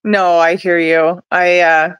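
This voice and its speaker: A woman's voice: fairly low pitch, level tone, slow pace, clean tone, no echo. A woman in her thirties, an oilfield rig mover, speaking frankly and with determination as a podcast guest. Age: 30s. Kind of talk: casual interview chat.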